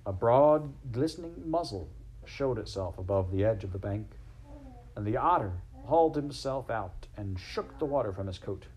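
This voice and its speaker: A man narrating a classic storybook aloud in a gentle, measured, expressive way. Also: on the low side, slight background noise, low-quality recording.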